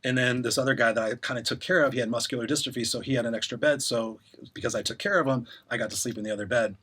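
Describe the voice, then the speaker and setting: A man's voice: mid-range voice, fairly even intonation, very fast, pushed and bright, husky. A middle-aged man, a podcast guest, candidly telling his story in casual interview talk and acting out the voices he quotes.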